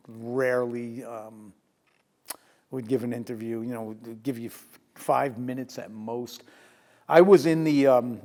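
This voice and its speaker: Gravelly older New storyteller. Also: male voice, medium pitch, long reverb tail. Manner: lively anecdotal storyteller who laughs and acts out quotes. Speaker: retired sports journalist, interview guest. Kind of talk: storytelling in a sit-down interview.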